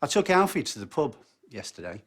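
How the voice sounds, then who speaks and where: Brief: man, husky, lively up-and-down pitch, joke teller. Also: a little fast, faint music behind. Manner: chatty storyteller. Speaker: comedian. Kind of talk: telling a joke.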